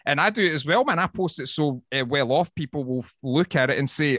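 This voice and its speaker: Sweary Scottish man, blunt and animated. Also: fairly high pitch, fast talker, no room sound, studio quality. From Scotland. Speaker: woodworker guest. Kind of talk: casual podcast chat.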